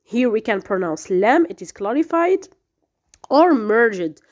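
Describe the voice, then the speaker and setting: Slow, lively-voiced woman teaching letter sounds. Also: a little high. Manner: hesitant, many fillers and restarts, sounding out letters. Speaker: tajweed teacher. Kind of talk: recorded lesson explaining letter pronunciation.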